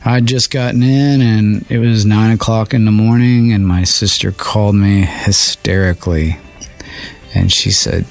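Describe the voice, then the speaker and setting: Man, very low voice, earnest halting interview storytelling, faint music underneath. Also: steady tone, gravelly. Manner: earnest, halting, many fillers. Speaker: songwriter interview guest.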